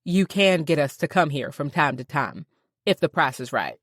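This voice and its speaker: A woman's voice: low voice, lively intonation, normal speed, no echo, clean studio sound. A woman narrator voicing an easygoing young male Texan contractor with a slight Southern drawl in an audiobook. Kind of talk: audiobook character voice.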